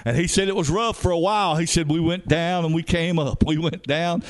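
Preacher guy, fiery revival sermon, lots of hallelujahs, kinda high voice, gets loud. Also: steady tone, a little fast. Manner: fervent, frequent hallelujahs, builds to shouting. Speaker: evangelist.

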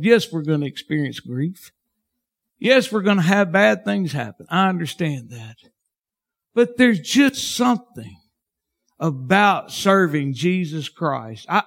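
A man preaching a sermon as pastor, fervent and folksy, swinging from shouts to hushed tones. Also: a little high.

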